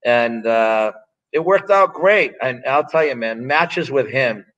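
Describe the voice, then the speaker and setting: A man's voice: medium pitch, animated, slow, fairly bright tone, highs cut off. Blunt, profane man in his sixties. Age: 60s. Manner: blunt, profane, rambling anecdotes. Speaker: interview guest, former strongman and pro wrestler. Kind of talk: casual storytelling interview.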